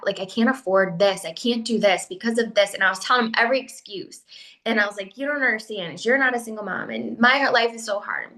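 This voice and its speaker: A woman's voice: fairly high pitch, a bit bright, rough recording. A woman in her thirties, a podcast co-host, telling a personal story in a casual, emotional way, tearful and full of "like" fillers. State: crying.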